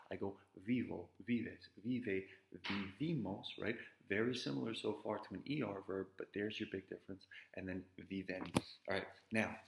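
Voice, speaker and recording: A man with a low, gravelly voice walks students through a grammar review. He talks conversationally and keeps checking in with "right?". The sound carries an echo from the room. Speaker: Spanish teacher. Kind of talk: recorded grammar review lesson.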